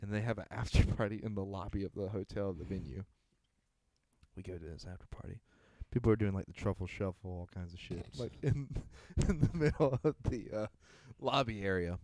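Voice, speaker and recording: A man's voice: on the low side, a little fast, a little mellow, dry recording. Laughing, swearing young man telling a story. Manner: laughs through his own story, swears casually. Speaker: podcast co-host. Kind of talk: casual storytelling chat.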